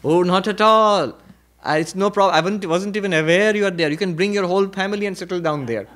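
Man playing a relaxed giant storybook bull: slow, kindly, unhurried. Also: sits high. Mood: easygoing. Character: big easygoing male bull, unbothered.

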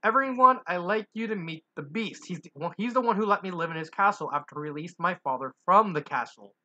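A reader voicing a kind young woman who speaks softly and reassuringly. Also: medium pitch, animated, a little fast, muffled recording. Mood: gentle.

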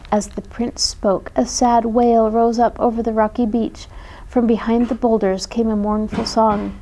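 A woman reads a children's story aloud with gentle, expressive pacing. Her voice is fairly high and warmly mellow. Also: normal speed, slight background noise, low-quality recording.

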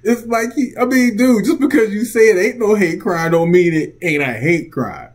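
A man's voice: high voice, normal speed, husky. A man ranting bluntly and profanely from home in a casual opinion vlog, mocking and often laughing. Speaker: vlog commentator.

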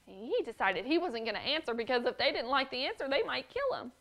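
A woman's voice: sits high, expressive, brisk, a bit bright. A woman teaching children's church, telling a story and often addressing the boys and girls directly.

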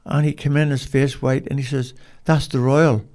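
An older man with a Northern Irish accent, telling rambling, animated stories as an interview guest. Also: mid-range voice, moderate pace. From Northern Ireland. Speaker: guest, dog trainer. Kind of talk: casual storytelling.

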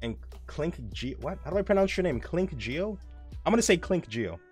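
Young male streamer, higher voice with a lively swinging pitch; rambling, profane chat over faint background music. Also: normal speed, slightly rough. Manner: rambling, animated, swears often, reads chat aloud. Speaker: live streamer. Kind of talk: casual live-stream chat while gaming.

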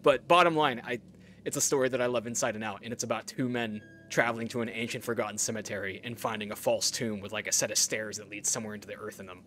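Young male game host, bright voice, excitable and chatty, loose and profane. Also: fairly low pitch, fast talker, soft background music. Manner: excitable, swears casually, chatty asides. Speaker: gaming video host. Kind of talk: let's play commentary.

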